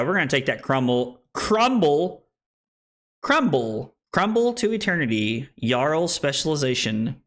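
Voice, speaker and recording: Young guy streaming a card game, bright kinda high voice, goofy and self-mocking with chat. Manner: playful, self-deprecating, chatting with viewers while playing.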